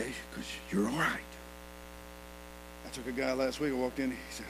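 A male pastor preaching a sermon, swinging from low murmurs to shouted lines, with many "uh" fillers. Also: fairly even intonation, brisk, gravelly, long pauses, a little hiss or hum, rough recording.

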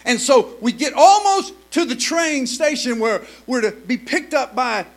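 A middle-aged man preaching a sermon, telling a story with animated swings between hushed and loud delivery. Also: very high voice, unhurried, rough recording.

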